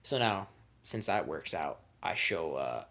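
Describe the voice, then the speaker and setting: Low-voiced guy telling a joking story. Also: lively intonation, measured pace, a bit bright. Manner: profane, boastful, joking. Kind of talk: casual comedic storytelling.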